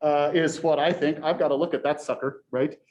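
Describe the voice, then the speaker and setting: A college professor in his forties tells his class a story, chatty and animated, tagging nearly every sentence with a rhetorical question. His voice is fairly high and brisk. It's an echoey lecture classroom recording.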